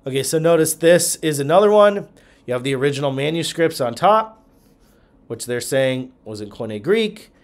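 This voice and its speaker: A man's voice: on the high side, animated, normal speed. A man teaching a Bible-history lesson, talking through charts and thinking aloud with frequent ums, restarts and check-ins. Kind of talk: lecture walking through charts.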